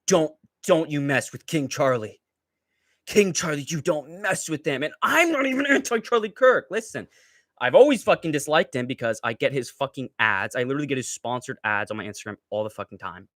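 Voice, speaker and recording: A man's voice: medium pitch, lively intonation, fairly quick, fairly bright tone, no room sound, studio quality. A young man hosting a livestream, ranting with heated, profane, mocking commentary. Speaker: livestream host.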